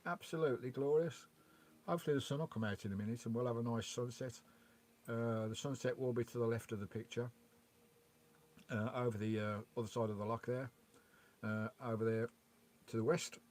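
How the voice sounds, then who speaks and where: A man hosting a relaxed vanlife livestream outdoors by a lakeside. He chats on, greets viewers by name and reads out their comments. He talks into a remote microphone, steady and conversational. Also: medium pitch, brisk, long pauses. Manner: chatty, greets and reads out viewers' chat messages. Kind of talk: casual live-stream chat. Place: outdoors by a loch beside his van.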